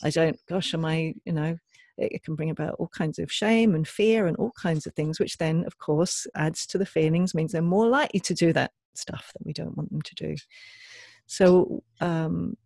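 A woman speaking as a parenting educator on a podcast, gentle and earnest, sometimes modelling soft, loving phrases. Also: sits low, normal speed, vocal fry, dry recording, studio quality. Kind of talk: reflective podcast conversation.

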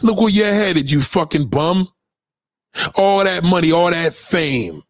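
A man's voice: high-pitched, expressive, unhurried, dry recording. A man giving a profane, aggressive, taunting ranting commentary into a close mic. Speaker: online commentator.

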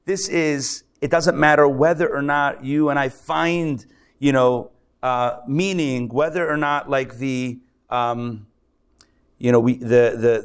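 A man teaching a live class as a rabbi, animated, acting out the voices of people he describes. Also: mid-range voice. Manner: animated, acts out excited and grumbling voices. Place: lecture room with a live audience.

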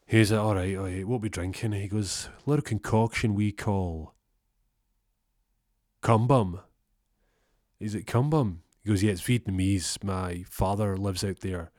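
A young man telling a rambling comic story, deadpan, acting out both sides of the conversation. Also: sits low, normal speed, few pauses, no echo, clean studio sound. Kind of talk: comic storytelling with acted-out dialogue.

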